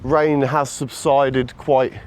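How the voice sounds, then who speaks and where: A man talking casually while he walks his dog outdoors, calling out to it in a high sing-song voice between remarks on training, recorded on a camera he carries. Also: flat delivery, takes it slowly, a little hiss or hum. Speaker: dog owner and trainer filming a walk. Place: outdoors on a countryside walk. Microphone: camera carried while walking.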